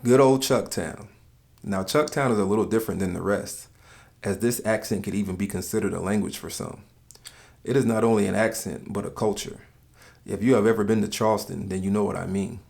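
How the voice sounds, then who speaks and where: A man narrating in a calm, measured, scripted way, explaining things to the listener. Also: lowish voice, vocal fry.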